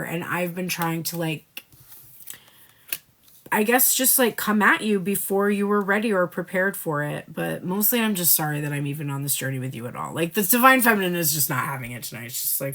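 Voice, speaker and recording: A woman's voice: on the low side, animated, normal speed, fairly bright tone. A woman giving a live tarot reading in a casual, blunt way, speaking the messages of the card figures in the first person. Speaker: tarot reader.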